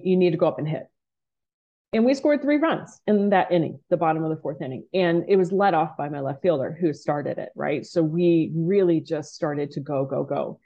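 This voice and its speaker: A woman coach telling a podcast story with a lowish, mellow voice. She acts out quotes from the game in lively bursts. The sound is a bit dull and lo-fi. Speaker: softball coach.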